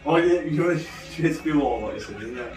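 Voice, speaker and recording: A man's voice: a little high, lively intonation, fairly quick, darkish tone, roomy sound, recorded from a distance, soft background music. Grumbling tradesman, swearing. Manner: moaning, swears, banters. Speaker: plumber on the crew. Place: building site bathroom.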